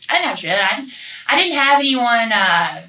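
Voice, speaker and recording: Bright-voiced woman telling a rambling story. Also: fairly high pitch, very animated, moderate pace. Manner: rambling, heavy swearing, many fillers. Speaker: interviewee. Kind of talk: casual storytelling. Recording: roomy echo, mic at a distance.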